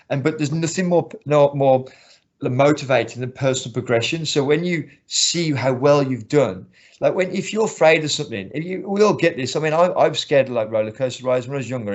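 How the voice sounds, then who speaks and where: A man who coaches martial arts, talking earnestly in a casual interview and often restarting his sentences. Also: mid-range voice. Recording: slightly muffled lo-fi recording.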